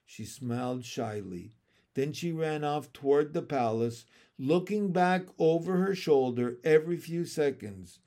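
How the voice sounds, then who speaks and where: A man reading a storybook aloud as its narrator, in an expressive, unhurried way. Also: mid-range voice.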